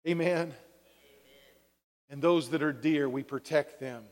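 Preaching slowly in a fairly high voice, this male pastor sounds like he's in a big room. He throws "Amen?" out to the congregation for a response and acts out everyday quotes.

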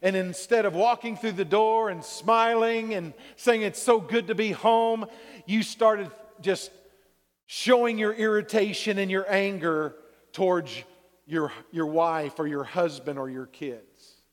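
A man with a high voice delivers a measured, unhurried sermon as a pastor. He draws the congregation in with call-and-response and acts out what people say. His voice carries the long reverb of a church hall. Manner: preaching with call-and-response "Amen?" and acted-out quotes.

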